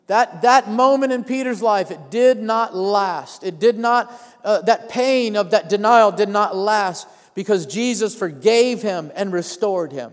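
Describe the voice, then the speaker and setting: A man's voice: sits high, big-room sound. A pastor preaching a sermon, telling a Bible story and calling out to his congregation.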